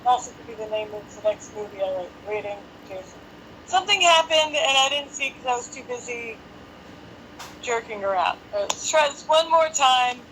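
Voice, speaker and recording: Bright, chirpy woman hosting a live stream. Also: a little high, animated, a little fast, slight background noise, poor audio. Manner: chatty, joking, talks to herself while waiting. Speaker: host. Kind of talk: casual live-stream chat. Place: home apartment.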